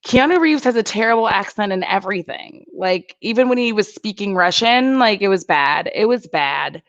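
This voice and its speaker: A woman's voice: medium pitch, animated, normal speed, no echo, highs cut off. A woman chatting casually with her viewers on a live stream, rambling and giggling between thoughts. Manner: giggly, rambling, lots of fillers. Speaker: YouTuber chatting with live chat.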